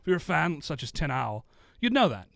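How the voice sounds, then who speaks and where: A man's voice: on the high side, very animated, fairly quick, vocal fry, a bit bright, no echo. A young Southern Californian man co-hosting a comedy podcast, telling tall tales in a laid-back, matter-of-fact way. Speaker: podcast co-host. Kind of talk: improvised comedy banter.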